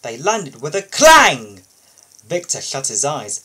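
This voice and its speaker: A man's voice: fairly high pitch, slow, husky, low-quality recording. Man reading a children's storybook aloud. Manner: expressive, sing-song narration. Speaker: storybook reader.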